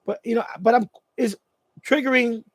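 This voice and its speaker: A man's voice: very high voice, fairly even intonation, moderate pace, no room sound. A man hosting a casual live stream from home, telling a story in a rambling way with many restarts. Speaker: radio hobby channel host. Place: at home, indoors.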